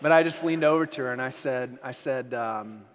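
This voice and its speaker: A man speaking at a youth conference, telling stories in an animated sermon, acting out quotes and laughing with the crowd. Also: mid-range voice, moderate pace. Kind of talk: energetic storytelling sermon. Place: large conference hall. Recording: long hall reverb, faint noise.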